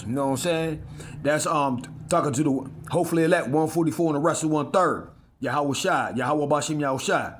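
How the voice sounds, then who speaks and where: Man preaching slangy, slow-quoted scripture. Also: fairly high pitch, lively intonation. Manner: slangy asides between slow emphatic verse readings. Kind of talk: street-style sermon with scripture reading.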